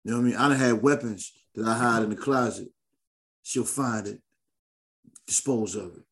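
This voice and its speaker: Male podcast host, mid-pitched, slangy and emphatic, casual chat. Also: moderate pace.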